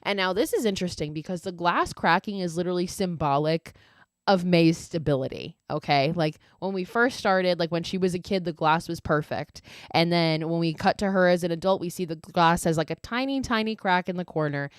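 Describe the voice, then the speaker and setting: A woman with a lowish voice talks through a horror film plot in a loose, chatty way. She leans on filler words, swears freely and slips into quick impressions of the characters. The sound is close and dry. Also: clear, resonant tone, no echo. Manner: animated quoting of characters. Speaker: podcast host. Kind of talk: casual horror film recap.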